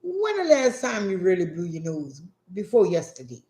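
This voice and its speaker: A man telling a profane, animated story in a casual rant, acting out what people said. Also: sits high, normal speed. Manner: profane, animated, acts out quotes. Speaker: vlogger. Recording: echoey room.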